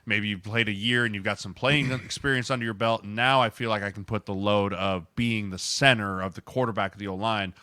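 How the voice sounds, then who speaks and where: A man, a former lineman co-hosting a podcast, telling stories and explaining in a lively casual way, often adding "like" and "right". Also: fairly low pitch, clean tone, no echo. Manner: animated storyteller, fast explainer with many "like" and "right". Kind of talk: casual chat.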